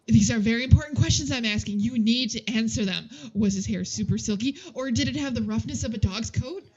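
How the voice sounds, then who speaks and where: A woman's voice: on the high side, fairly quick, darkish tone, breathy edge, dull audio. Woman playing a gushing gossipy schoolgirl. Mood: nosy. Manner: eager, nosy, breathless questions.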